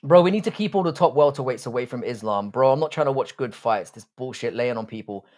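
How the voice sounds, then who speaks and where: A man's voice: medium pitch, lively intonation, fast talker, a little mellow. A young British man hosting a live stream, chatting casually and crudely as he answers viewer comments with profane, joking banter.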